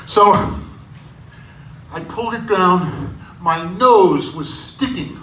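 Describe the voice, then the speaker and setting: A man in his sixties doing stand-up storytelling on a bar stage, animated and bursting into loud shouts. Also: high-pitched, slow, pauses often, a little hiss or hum. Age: 60s. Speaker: stand-up comedian. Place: bar stage at a live comedy showcase. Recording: echoey bar room from a distance.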